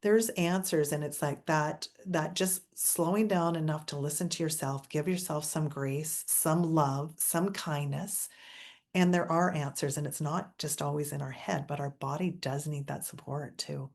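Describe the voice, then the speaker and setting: A woman hosting a podcast interview, telling stories in an animated, exclamatory way. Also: deep voice, a little slow. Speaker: podcast host. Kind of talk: casual interview chat.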